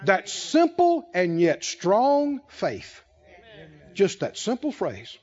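A man preaching a sermon as pastor, emphatic and repetitive, building key phrases to shouts. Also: high-pitched, huge pitch swings, slow, lo-fi sound.

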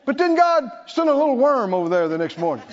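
A man preaching a sermon, lively and playful, acting out scripture scenes with laughter. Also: very high-pitched, fast talker. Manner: animated, acts out Bible figures with laughter. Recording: lo-fi recording in a reverberant hall.

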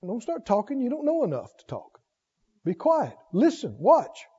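A man preaching a sermon, emphatic, swinging from loud exhortation to hushed intensity. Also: very high-pitched, wildly swooping pitch, normal speed, husky. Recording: dull lo-fi sermon recording.

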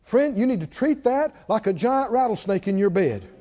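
A man preaching a sermon, swinging between hushed warnings and hollered lines and acting out a tempter's whisper. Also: high-pitched, very animated, moderate pace, lo-fi sound.

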